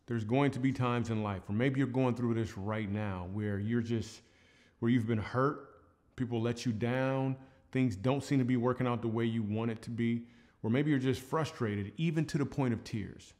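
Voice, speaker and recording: A man's voice: medium pitch, moderate pace. Male comedian, mid-range voice, casual storyteller who drifts into earnest asides. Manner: loose, chatty storytelling with asides; turns quiet and earnest toward the end. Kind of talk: family-friendly stand-up at a church service.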